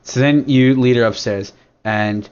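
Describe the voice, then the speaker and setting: A man's voice: mid-range voice, unhurried, a little mellow, clear, resonant tone. Rambling young man on a lo-fi podcast. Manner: rambling, crude, full of fillers and restarts. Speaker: podcast host. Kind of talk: casual rambling chat. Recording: dull lo-fi recording.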